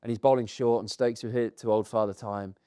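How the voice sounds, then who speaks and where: A man in his thirties, a podcast co-host, telling a lively anecdote to a live audience, acting out quotes and often laughing. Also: on the low side, fast, no room sound, studio quality. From England. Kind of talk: animated storytelling to a live audience. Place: stage in front of a live audience.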